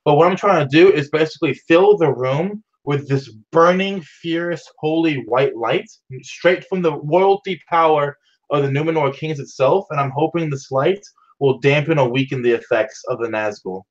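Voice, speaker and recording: A man's voice: a little high, moderate pace, lo-fi sound. A man playing a tabletop game, describing his character's actions vividly and with enthusiasm. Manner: vivid, enthusiastic scene-setting. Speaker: player.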